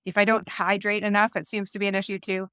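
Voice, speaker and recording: A woman in her forties chats casually on a podcast, winding through her thoughts with asides and restarts. Her voice is smooth and resonant, and it sits at a middling pitch. The recording is close and dry, with no room sound. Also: level tone, fast, a bit bright, dry recording. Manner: chatty, talks things through with many asides and restarts. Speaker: podcast co-host. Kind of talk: casual conversational podcast chat.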